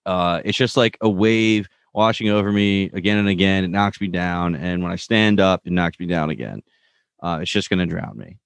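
Deep-voiced man casually recapping. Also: moderate pace, creaky, clear, resonant tone, no echo. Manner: relaxed, retells scenes with loose paraphrased quotes. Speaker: podcast co-host recapping a TV episode. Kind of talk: casual chat.

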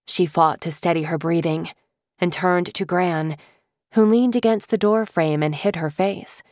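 A woman with a lowish voice reads a middle-grade fantasy aloud in a measured, vivid way. The recording is dry and close, with no room sound at all. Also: darkish tone, no room sound. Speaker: audiobook narrator. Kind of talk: scripted narration.

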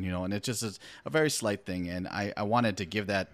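A man's voice: lowish voice, fast talker, few pauses, dry recording. A man talking as a podcast guest about his first novel, rambling casually and laughing often between thoughts. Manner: rambling, laughs often, slips into imitated accents. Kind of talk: casual chat.

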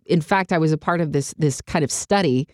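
A woman from Houston co-hosts a casual faith podcast, quick to laugh and tease. Her voice sits a little low for a woman. The sound is dry and close to the mic. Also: no echo. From Houston, Texas. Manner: chatty, laughs easily, playful. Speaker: podcast co-host.

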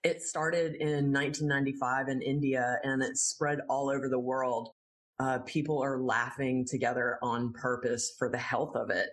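A woman's voice: rumbling low, flat delivery, normal speed. A woman who teaches laughter yoga, explaining it in a friendly way in an interview and laughing easily. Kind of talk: interview answers.

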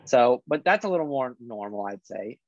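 A sports podcast co-host reads out league standings in a laid-back chat, halting through them with plenty of ums and restarts. His expressive voice sits at a medium, middle-register pitch, and the recording is dry, a bit dull and lo-fi, with no echo.

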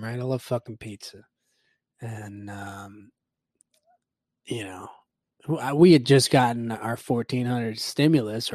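Man, host, casual solo rant, heavy swearing, self-mocking, rambling, medium pitch, dry close recording. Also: darkish tone, no room sound. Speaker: podcast host.

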